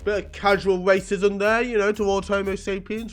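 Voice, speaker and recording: Man reading a comic with sweary, joking asides; slightly higher voice. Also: fast, hardly any pauses, soft background music. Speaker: comic book reader. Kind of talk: casual comic reading with commentary.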